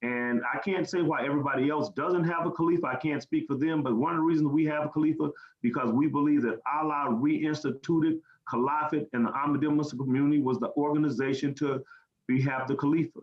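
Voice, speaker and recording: A man's voice: a little high, fairly even intonation, fast talker. American man, earnest and plain-spoken, roomy echo, dull lo-fi sound. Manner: plain-spoken, earnest, repeats words when searching. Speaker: guest speaker. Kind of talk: storytelling interview answers.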